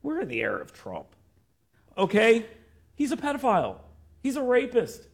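A man hosting a political talk show, chatting casually, animated and joking, with frequent restarts. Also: extremely high pitch, moderate pace, creaky, breathy edge.

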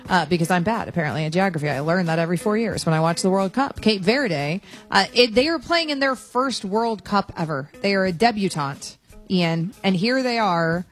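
A woman's voice: mid-range voice, lively intonation, normal speed, faint music behind. A woman hosting a sports radio show in a studio, chatting casually in a playful, teasing way and laughing easily. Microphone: studio microphone.

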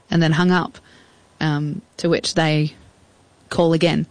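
A woman's voice: low voice, level tone, slow pace, no echo. An Australian woman in her thirties recounting a personal story in a candid, chatty way as an interview guest, acting out old phone calls. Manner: candid, chatty, acts out past conversations.

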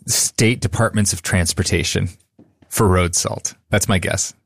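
A man's voice: low-pitched, fairly even intonation, unhurried, gravelly, breathy edge, no room sound. A man co-hosting a casual science chat, reacting with curiosity and guessing answers. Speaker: co-host.

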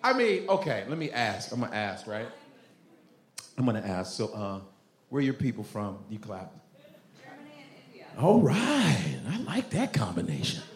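A man's voice: mid-range voice, huge pitch swings, normal speed, pauses often. A man doing a stand-up set at a comedy club, working the crowd with brash, profane banter. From Africa. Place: comedy club stage, live audience. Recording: live club recording with crowd.

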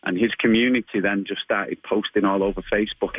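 A man's voice: fairly low pitch, little pitch movement, normal speed, fairly bright tone, dry recording, low-quality recording. A man in his thirties with a Manchester-area English accent, answering interview questions in a chatty, hesitant way with frequent laughs. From England. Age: 30s. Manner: chatty, hesitant with many ums, laughs often. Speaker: guest, martial arts instructor.

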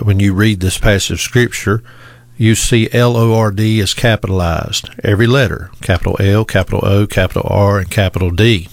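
A man delivers a sermon in a fairly low voice, earnest and measured. He leans on key words, drawing them out and repeating his points for emphasis. The sound is dry and close, with no room echo. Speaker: preacher.

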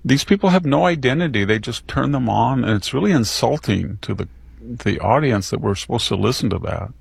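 A man giving opinionated political talk, animated and indignant. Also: medium pitch, brisk, gravelly, breathy edge, dry recording. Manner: animated, mimics politicians' voices in quotes.

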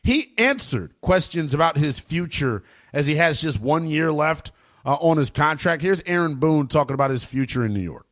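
A man giving emphatic, opinionated sports commentary in a slangy, animated way. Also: on the high side, normal speed.

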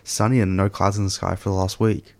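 Young Australian man, very deep, gravelly, agreeable conversational partner. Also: little pitch movement, a little mellow. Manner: agreeable, quick bursts, frequent "yeah". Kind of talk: casual political conversation.

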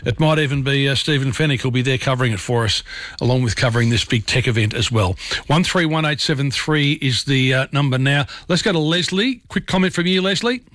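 A man's voice: mid-range voice, a little fast, a bit bright, no echo. A man hosting a talkback radio show, chatty and encouraging with callers.

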